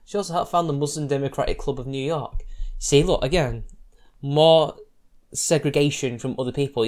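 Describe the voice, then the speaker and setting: A man reading an article aloud and breaking off into exasperated, sarcastic commentary as a channel host. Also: a little high. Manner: exasperated and sarcastic, interrupting himself with incredulous asides.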